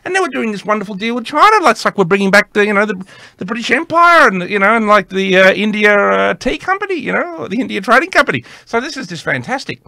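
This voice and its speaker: Bright-voiced man rambling through commentary. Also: sits high, sing-song, fast talker, vocal fry, no echo, studio quality. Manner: rambling, with many fillers and tongue-in-cheek asides. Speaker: host. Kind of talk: casual political commentary.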